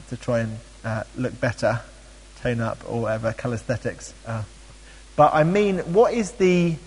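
Husky man teaching in an echoing hall. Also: mid-range voice. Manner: chatty and animated, with frequent ums and playful asides. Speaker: Bible study teacher. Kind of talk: teaching a Bible study talk.

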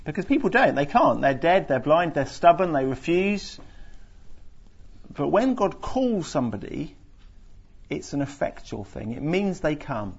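A man teaches a group from the Bible, earnest and explanatory, stumbling through restarts and fillers. His voice is husky, and the recording sounds dull and lo-fi. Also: medium pitch.

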